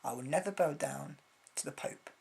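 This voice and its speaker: A man's voice: on the high side, normal speed, creaky, darkish tone, breathy edge. A man from Britain, rambling through a casual opinion vlog with blunt words and lots of hesitations. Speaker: vlogger.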